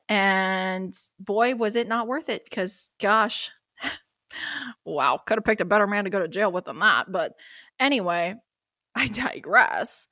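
Bright chatty young woman storyteller. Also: mid-range voice, unhurried, no room sound, studio quality. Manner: animated, laughing, lots of fillers. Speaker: podcast co-host. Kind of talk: casual storytelling chat.

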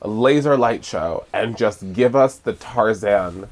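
An American man guesting on a podcast, sassy and brash in casual chat. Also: lowish voice. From United States. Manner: sassy, brash, quick with a joke.

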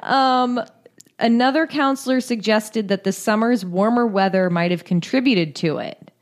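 A woman's voice: on the high side, normal speed. A woman co-hosting a casual podcast, reading news stories aloud in a blunt, swearing, laugh-filled way. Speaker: podcast co-host.

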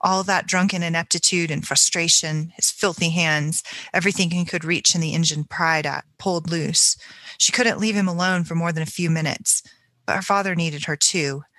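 Woman, book podcast co-host, measured reading, low bright tone. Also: fairly even intonation, no echo. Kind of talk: reading a novel passage aloud.

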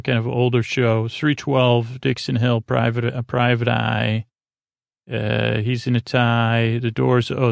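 Gravelly man rambling through a casual recap. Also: mid-range voice, dry recording. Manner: rambling, filler-heavy, paraphrases characters in slang. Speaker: podcast host retelling an episode.

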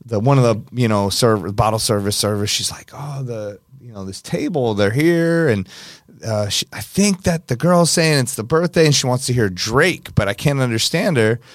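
A man hosting a podcast in casual chat, a relaxed storyteller who acts out the voices of the people in his stories. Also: medium pitch, moderate pace, dry recording, studio quality. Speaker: podcast host, DJ.

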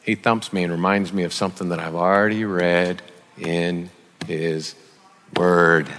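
A man preaching as a guest speaker, conversational and joking, with sudden loud emphasis. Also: low-pitched, little pitch movement, a little slow. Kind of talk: sermon. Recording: long reverb of a large hall.

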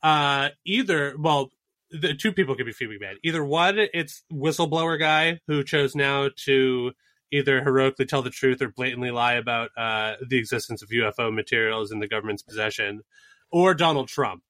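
A man's voice: medium pitch, moderate pace, bright, forceful tone, no room sound. A man co-hosting a podcast in casual comedic chat, rambling and building jokes with asides. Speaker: podcast co-host.

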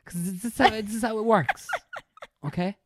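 A woman's voice: medium pitch, moderate pace, no echo. A woman co-hosting a casual podcast chat, laughing often and acting out scenes. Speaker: podcast co-host.

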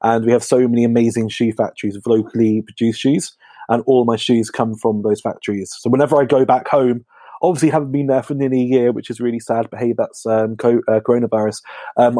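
An English man with a slight lisp, a comedian chatting casually as a podcast guest and telling animated stories. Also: mid-range voice, quick pace, no room sound. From England.

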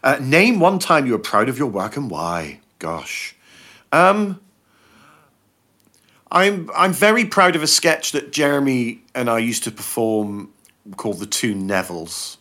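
A man, a comedian and actor, chatting as a podcast guest and acting out the quotes in his stories. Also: unhurried. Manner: animated, acts out quotes with shifting pitch. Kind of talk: casual podcast chat, storytelling.

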